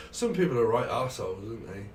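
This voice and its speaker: A middle-aged man with a Cambridgeshire English accent, chatting in a rambling way with viewers on his live tarot stream. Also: mid-range voice. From England. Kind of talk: casual livestream chat. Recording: roomy, distant mic, faint noise.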